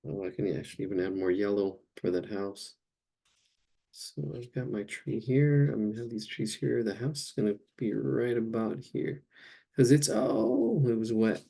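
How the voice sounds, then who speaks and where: Gravelly-voiced man teaching painting. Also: fairly low pitch, moderate pace, dark tone. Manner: thinks aloud while painting, searching for words. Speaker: art instructor. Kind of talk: live painting demonstration.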